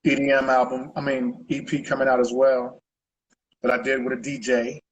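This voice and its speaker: A man's voice: mid-range voice, flat delivery, moderate pace, low-quality recording. A man being interviewed as a guest artist, talking in a loose, rambling way and tagging his sentences with conversational asides. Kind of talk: casual interview chat.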